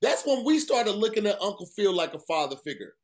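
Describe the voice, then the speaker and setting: Male podcast host, a bit high, animated casual talker. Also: fairly quick. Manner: animated, acts out quotes. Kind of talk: casual chat.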